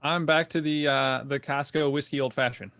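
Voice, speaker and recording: A man's voice: medium pitch, steady tone, normal speed, creaky, a bit bright, dry recording, clean studio sound. A man co-hosting a casual garden podcast, laid-back and joking. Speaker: podcast co-host.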